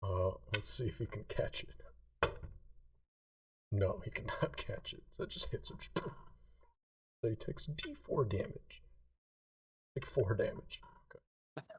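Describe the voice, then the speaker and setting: A man's voice: on the low side, very animated, unhurried, pauses often, a bit bright, distant mic. A man running a tabletop game as game master, narrating loosely and laughing along.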